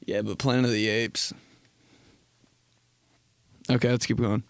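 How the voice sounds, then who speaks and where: A podcast host in his twenties chats in a casual, comedic way, rambling, laughing often and acting out quotes in high voices. He speaks a little slowly with little pitch movement, and the recording is dry.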